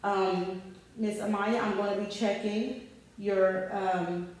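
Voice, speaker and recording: A woman speaks at a middling pitch as she steps through a clinical exam and calmly reads out each finding. She gives short, polite instructions to the patient. Her voice bounces around a very echoey room and is picked up from a distance. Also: slow. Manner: methodical, calm, narrating findings aloud while instructing the patient. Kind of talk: narrated physical assessment demonstration.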